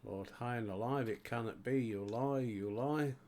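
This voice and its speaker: A man's voice: medium pitch, unhurried, a little mellow, echoey room, soft background music, close to an everyday voice. A man with a Yorkshire accent voicing a guilt-ridden, bitter blacksmith in a game, reading the lines aloud as a lament. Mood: stunned.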